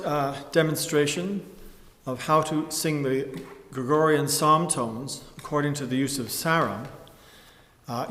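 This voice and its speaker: A man giving a measured, precise lecture tutorial, pausing with fillers and clearing his throat now and then. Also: a little high, fairly bright tone, big-room sound. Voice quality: measured, precise explanatory delivery. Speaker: music instructor. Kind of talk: lecture tutorial with sung examples.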